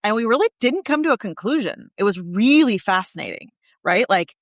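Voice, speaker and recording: A woman's voice: on the high side, a little fast, no room sound, clean studio sound. Candid, swearing woman podcast guest. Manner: candid and animated, swears freely. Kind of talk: casual podcast conversation.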